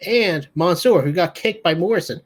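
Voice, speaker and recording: This podcast co-host's voice sits high, with lively intonation and a normal speed. He's chatting casually through a wrestling show recap that comes out sleepy, profane, and rambling.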